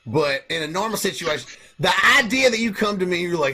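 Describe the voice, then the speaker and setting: A man hosting a casual comedy podcast, telling profane, animated stories. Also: high voice, brisk. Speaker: podcast host.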